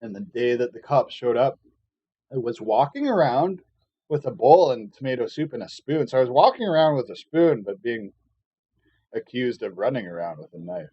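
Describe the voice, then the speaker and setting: A man's voice: mid-range voice, expressive, normal speed, breathy edge, no room sound, highs cut off. A man streaming a casual, rambling rant full of filler words and profanity, often sarcastic and mocking. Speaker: live streamer. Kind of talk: casual ranting monologue.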